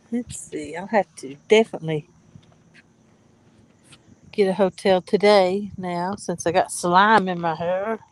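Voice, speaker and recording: A woman's voice: on the low side, takes it slowly, long pauses, low-quality recording. A woman streaming live from a pontoon boat outdoors, chatting casually with viewers in a laid-back way and greeting them by name.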